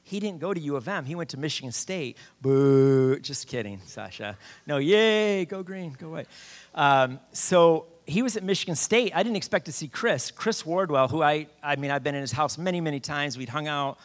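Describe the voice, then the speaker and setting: A middle-aged man preaching a sermon, telling his own story with lively quoted voices. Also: fairly high pitch, a little fast. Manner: animated storyteller, shouts quoted lines. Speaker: campus minister preaching. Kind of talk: sermon with personal testimony.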